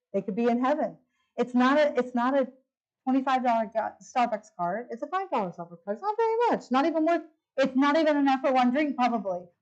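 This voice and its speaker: Heard through a muffled recording, a middle-aged woman with a voice on the high side speaks at a women's retreat. She is the retreat speaker giving her testimony, telling lively stories and acting out conversations.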